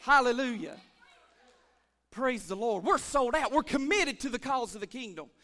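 A man preaching a lively church sermon as pastor, calling for amens and swinging between shouts and hushed asides. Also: very high-pitched, moderate pace. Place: church sanctuary.

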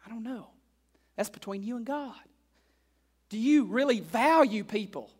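High-voiced male preacher, rhetorical and repetitive. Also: expressive, measured pace, slightly rough. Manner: repeats key lines and asks the congregation rhetorical questions; swings between hushed and loud emphatic delivery. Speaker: pastor. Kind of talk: sermon. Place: church in front of a congregation.

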